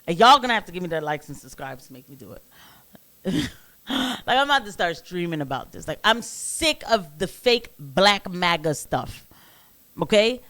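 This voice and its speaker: A man's voice: sits high, very animated, normal speed, bright, forceful tone. A man hosting his own political commentary stream, talking in a rambling, heated way with many restarts and asides. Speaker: commentary show host.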